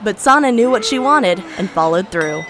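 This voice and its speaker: A woman's voice: mid-range voice, animated, normal speed, a bit bright, slight background noise. A woman narrating a first-person storytime in a gleeful, gossipy way.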